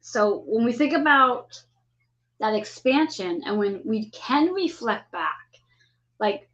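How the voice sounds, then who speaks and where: A woman in her fifties hosts a relaxed spiritual chat about the stars, her voice sitting a little high. She talks in an animated way and slips into the voices of the people she quotes. The recording is dull and lo-fi. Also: slow. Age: 50s. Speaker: host. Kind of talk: casual spiritual astrology chat.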